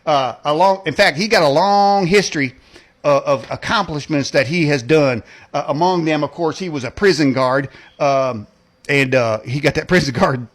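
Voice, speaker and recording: A man's voice: a little high, normal speed. A man hosting a political rant show, mocking and rambling in folksy slang, laughing at his own jokes and tacking "man" and "okay" onto his lines. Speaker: host.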